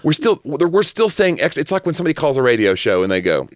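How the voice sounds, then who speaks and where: A man's voice: medium pitch, quick pace, hardly any pauses, no echo. A comedian with a light Southern twang holds forth on a podcast, his voice swinging up and down as he builds each point. He sounds close to the mic in a dead, dry room. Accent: mild Southern US. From Southern United States. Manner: animated, rants with rising emphasis. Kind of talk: casual chat.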